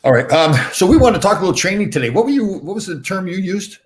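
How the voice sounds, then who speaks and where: A man from Canada hosting a casual chat, fired up and talking fast. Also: high voice, very animated. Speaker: host.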